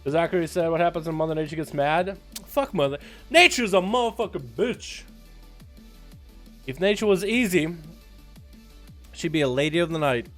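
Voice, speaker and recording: High-voiced, profane game streamer. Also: male voice, a little fast. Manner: loose, profane, animated storytelling. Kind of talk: casual livestream chat. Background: faint background music.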